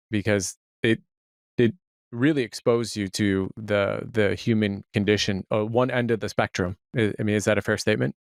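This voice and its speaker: A man's voice: fairly low pitch, vocal fry, dry recording, studio quality. A man hosting a podcast, asking a long, meandering question with hesitant "uh"s. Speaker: podcast host. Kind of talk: interview question.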